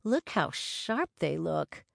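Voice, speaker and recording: A woman's voice: very animated, slow pace, creaky, no echo, studio quality, heavily acted. A woman doing a flirty blonde New Yorker. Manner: high, giggly, flirty.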